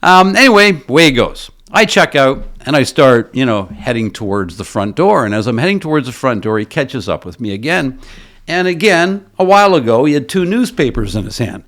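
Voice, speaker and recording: A man's voice: medium pitch, big pitch swings, fairly quick, fairly bright tone. A man working as a business coach, giving a motivational talk built around a story and asking his listeners rhetorical questions.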